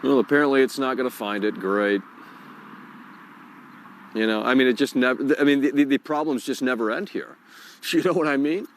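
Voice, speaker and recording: Outdoors on a live call-in stream, a man swears and mutters in frustration while fixing his tech. His mid-range voice moves fairly quickly but with long pauses, and there's slight background noise.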